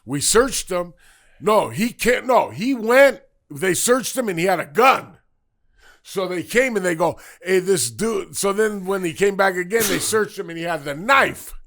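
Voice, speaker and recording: A high-pitched man tells a rough, rambling story full of swearing. He slips in and out of the voices of the people he quotes. It is loose, casual chat. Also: unhurried. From Southern California. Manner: profane, rambling, animated retelling with quoted voices. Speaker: podcast guest storyteller.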